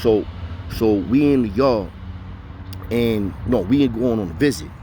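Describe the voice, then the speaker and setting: A man's voice: fairly low pitch, lively intonation, measured pace, mellow, slight background noise. A man casually telling profane stories, full of street slang and repeated "know what I mean" fillers. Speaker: storyteller. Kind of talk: casual storytelling.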